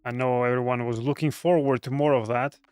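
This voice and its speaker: A man's voice: mid-range voice, fairly even intonation, fairly quick, darkish tone, clean tone, no room sound. A man chatting casually with viewers while streaming a game, joking and greeting people by name. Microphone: studio USB microphone.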